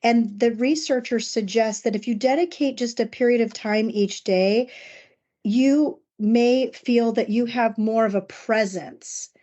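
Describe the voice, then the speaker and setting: A middle-aged woman co-hosting a podcast, talking in an earnest, personal, reflective way and slowing down to stress key words. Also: a little high, dark tone, dull audio. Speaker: podcast co-host. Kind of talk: casual podcast discussion.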